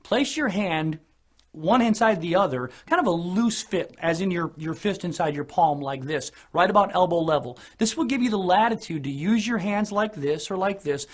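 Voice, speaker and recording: A man with a somewhat high, husky voice talks straight to camera in a studio. He enunciates each word with care, like an announcer coaching a newcomer. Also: lively intonation. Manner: clear, deliberate, enunciated delivery. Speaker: presenter giving on-camera tips. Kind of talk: scripted instructional talk to camera. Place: recording studio.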